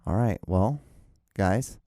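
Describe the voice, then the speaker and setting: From his home, a man from outside the United States hosts his own podcast, rambling casually through a solo rant full of stammered restarts and swearing. His voice is on the low side, expressive and slow with a warm tone. The podcast microphone gives studio-quality sound with no room noise.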